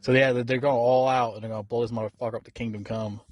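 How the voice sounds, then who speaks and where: A man's voice: mid-range voice, flat delivery, fast talker, dry recording. A man giving a casual film review, rambling and swearing freely, with many fillers and restarts. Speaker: movie reviewer.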